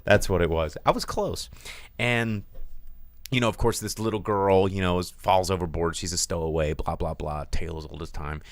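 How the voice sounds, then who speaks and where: Male host, low and smooth, lively casual rambling review chat, dry close sound. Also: moderate pace, no room sound. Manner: rambling, animated, many fillers and restarts. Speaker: podcast host.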